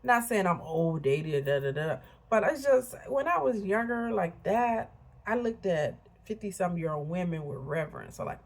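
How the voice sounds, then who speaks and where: A husky, very animated woman with a lowish voice talks at normal speed in her vlog, a blunt and candid motivational piece with chatty asides. She's in her fifties and from Illinois, USA.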